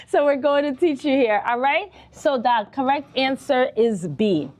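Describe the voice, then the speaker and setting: A woman's voice: fairly high pitch, moderate pace, few pauses. Upbeat woman teaching nursing exam prep. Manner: animated, talks to students directly, frequent "okay?" checks. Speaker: nursing instructor. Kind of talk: live online exam-prep lesson.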